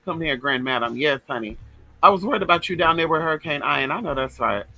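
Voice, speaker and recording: A man's voice: fairly high pitch, lively intonation, quick pace, sharp tone, no echo, poor audio. A man hosting a casual livestream, talking in a sassy, flamboyant way, swearing freely and reading out viewer comments.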